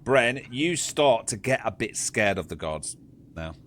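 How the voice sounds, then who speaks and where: A man's voice: mid-range voice, animated, measured pace, a bit bright, no echo, shouting. A man narrating as game master in a casual, joking manner. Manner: casual, laughing, swearing narration.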